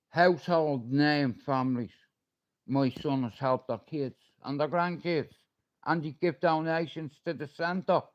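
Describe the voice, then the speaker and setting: A man's voice: a little high, lo-fi sound. Swearing middle-aged Manchester man ranting. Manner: confrontational, swearing, threatening. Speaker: livestreamer. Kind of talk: ranting livestream monologue.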